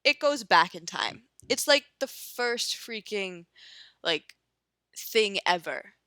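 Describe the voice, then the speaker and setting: A woman's voice: mid-range voice, lively intonation, slow pace, sharp tone, smooth, no room sound, clean studio sound. A young woman giving casual chess commentary while she plays online, ranting and swearing with lots of fillers. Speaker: chess streamer.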